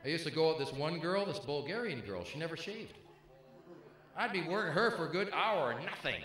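A middle-aged male comedian trading punchy jokes with a crowd in a club. His voice is bright and swings up and down a lot. The room is echoey and carries a faint murmur. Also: fairly high pitch, sing-song, moderate pace. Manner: brash, punchy, bantering with the audience. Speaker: stand-up comedian. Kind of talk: stand-up comedy.

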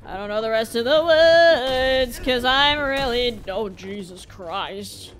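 A gameplay streamer gives jumpy, exclaiming let's play commentary as she plays a video game and talks back to it. Her voice sits on the high side, with a sharp tone and a measured pace.

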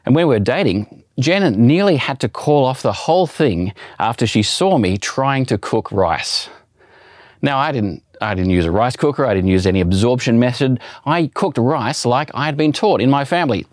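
A man's voice: medium pitch, animated, moderate pace, dry recording, studio quality. A man preaching a sermon in a chatty, self-deprecating storytelling way. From Australia.

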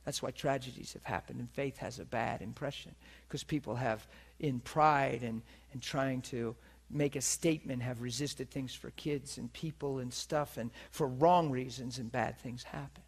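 A man preaching a sermon, telling a personal story with animated delivery and laughter. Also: mid-range voice, normal speed, few pauses, husky. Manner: animated, laughs at his own story, acts out the people in it. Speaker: preacher teaching on divine healing. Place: teaching session before a listening audience.

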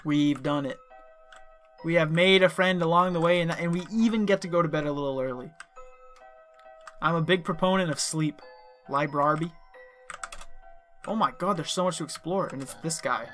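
Man streaming a game, bright voice, jokey, faint game music behind. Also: a little high, normal speed, long pauses. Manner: joking, reads game text aloud. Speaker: gameplay streamer. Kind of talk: casual gameplay commentary.

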